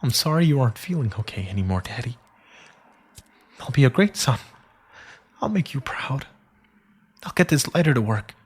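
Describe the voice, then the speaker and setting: A man's voice: fairly low pitch, fairly quick, husky, voice pushed up. A man voicing a frightened young boy who pleads with a shaky, tearful voice. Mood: pleading.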